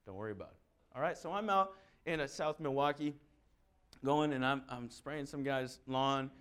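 A man giving a sermon, telling a humorous personal story in a chatty, animated way. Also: medium pitch, measured pace, smooth. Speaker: preacher.

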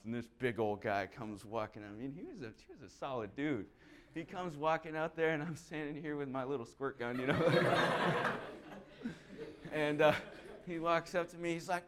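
Male preacher, conversational and animated, jokes through his sermon. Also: on the high side, normal speed. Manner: chatty, humorous, animated. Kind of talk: sermon with storytelling.

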